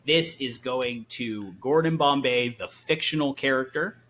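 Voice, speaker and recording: A man's voice: medium pitch, a little slow, fairly bright tone, slight background noise. A man co-hosting a podcast, handing out joking music awards in playful banter. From Southern Ontario. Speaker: podcast co-host. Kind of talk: casual comedic awards banter.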